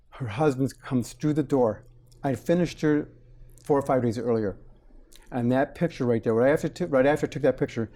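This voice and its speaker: Warm and mellow, the mid-range voice belongs to a man in his forties who's a dentist guest in a casual interview. He gives plain explanations peppered with animated, acted-out quotes of his patients and staff.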